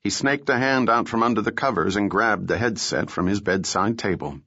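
A male narrator reads thriller prose with a steady, measured delivery in a lowish voice. The sound is dry and close, with no room around it. The recording is slightly dull and muffled. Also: husky, no room sound. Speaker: audiobook narrator. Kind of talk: scripted narration of a thriller novel.

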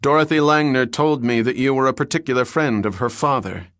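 A man's voice: mid-range voice, fairly bright tone, dry recording, clean studio sound, voice pushed up, natural voice. A man playing a polite, probing detective. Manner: polite, measured, inquiring.

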